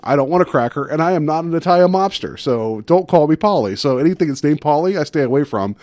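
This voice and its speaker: A man's voice: fairly high pitch, animated, quick pace, a little mellow, no room sound. A man co-hosting a podcast, talking in a casual joking way with lots of fillers. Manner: joking, rambling with many fillers. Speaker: podcast co-host. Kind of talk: casual chat.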